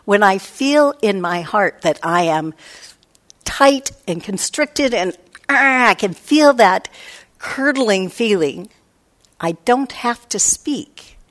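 Slow, reflective woman giving a dharma talk. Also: medium pitch, animated, a bit bright. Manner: reflective, unhurried, quotes her own inner voice. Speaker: meditation teacher. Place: meditation hall.

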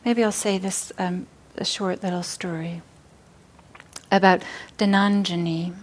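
A woman's voice: on the low side, steady tone, measured pace. Woman telling a story at a dharma talk. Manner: warm storytelling, hesitant fillers. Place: meditation center hall.

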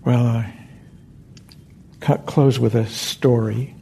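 A male meditation teacher talks gently in a deep-toned, gravelly, mellow voice, meandering and correcting himself as he goes. Faint noise sits under the talk in the hall. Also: fairly even intonation, slow pace. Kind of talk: dharma talk with a story.

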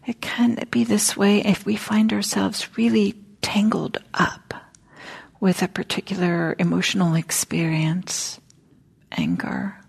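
A woman teaching a dharma talk at a meditation hall, speaking gently and reflectively, often dropping near a whisper, with casual fillers. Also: mid-range voice, expressive, slow, vocal fry, slightly rough.

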